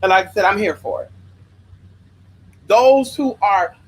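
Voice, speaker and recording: A woman's voice: mid-range voice, lively intonation, measured pace, slightly rough, low-quality recording. A young woman from Los Angeles hosting a livestream, giving spiritual advice in an emphatic, profane, sassy rant that keeps calling listeners honey. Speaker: livestream host.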